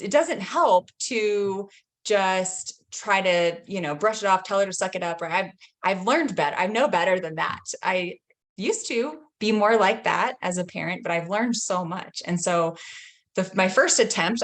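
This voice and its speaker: A woman in her thirties, a healing coach, talking gently and reflectively and sharing a story from her own family life. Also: mid-range voice, a little slow. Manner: gentle, reflective, laughs lightly between thoughts. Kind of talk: casual teaching talk with personal story.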